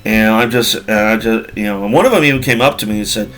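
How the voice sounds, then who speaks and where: A man's voice: on the low side, quick pace, fairly bright tone. A man in his forties telling a casual story from work in a rambling way, with many fillers and repeats. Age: 40s.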